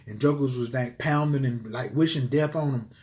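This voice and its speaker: A man talking casually on a livestream to his viewers, animated and preachy, swearing freely and swinging between loud outbursts and quiet murmurs. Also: medium pitch, normal speed. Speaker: livestream host. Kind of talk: casual live-stream talk to viewers.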